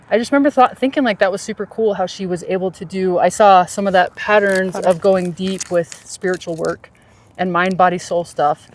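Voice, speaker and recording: A woman telling a personal story in a casual podcast chat, animated and laughing easily, with soft, low reflective stretches. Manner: animated, jumps high in pitch when quoting others.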